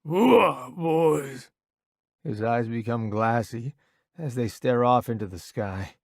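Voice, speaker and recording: A man narrating a first-person audiobook in a slow, dramatic way. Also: medium pitch, steady tone, no room sound, clean studio sound.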